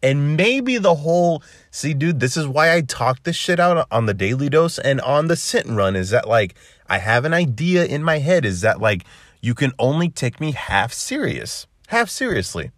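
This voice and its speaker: A man's voice: normal speed, no room sound, studio quality. A man hosting a solo podcast, talking casually in a rambling, profane way, full of restarts and "dude.". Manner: lively, swinging pitch up and down. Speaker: podcast host.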